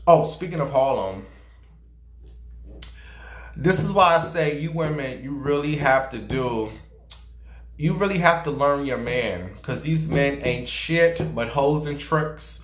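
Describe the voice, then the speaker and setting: A man's voice: on the high side, slow pace. A man giving sassy, profane gossip commentary and dramatic storytelling as a vlogger. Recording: roomy echo.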